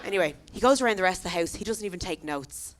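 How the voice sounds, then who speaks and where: A woman's voice: fairly low pitch, expressive, quick pace. Irish woman doing chatty stand-up. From Ireland. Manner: chatty storytelling with tag questions. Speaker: stand-up comedian. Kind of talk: stand-up comedy set. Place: comedy venue stage.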